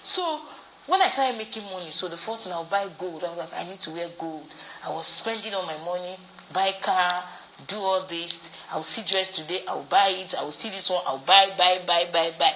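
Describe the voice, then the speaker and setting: A Nigerian woman coaches business owners in a bright, crisp voice and repeats her key points for emphasis. Faint background noise sits under her voice. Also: on the low side, normal speed, rough recording. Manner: repeats phrases for emphasis, storytelling. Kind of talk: teaching a business talk.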